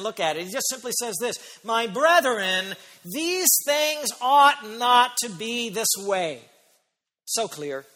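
A man preaching a sermon as pastor, emphatic, slowing down and stretching key phrases. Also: high voice, sharp tone. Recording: long hall reverb.

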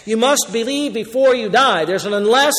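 High-voiced man preaching in a big hall. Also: expressive, normal speed. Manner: emphatic preaching, swings between loud declarations and quiet asides. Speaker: pastor. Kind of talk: sermon.

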